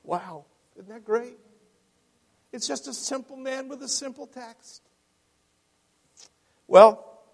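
A man's voice: medium pitch, big-room sound. A male pastor preaching a sermon, telling a story animatedly with asides to the congregation. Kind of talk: sermon with read-aloud storytelling.

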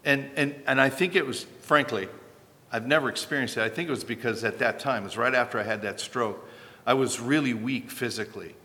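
A man preaching a sermon as pastor, earnest and emphatic with sudden loud peaks, in a church sanctuary. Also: mid-range voice, fairly quick. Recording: long hall reverb from a church.

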